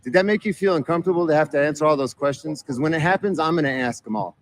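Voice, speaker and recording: A man's voice: a little high, quick pace, dry recording. A man in a played clip confronting police officers, lecturing and needling them.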